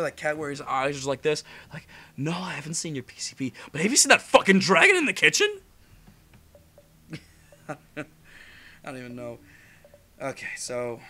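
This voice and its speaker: A young man chats loosely over a video game, his voice bright and a touch high. He wanders from thought to thought, swears casually and jumps into loud, indignant rants. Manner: rambling, swears a lot, jumps to loud outbursts. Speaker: gaming channel host. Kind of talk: casual gameplay commentary.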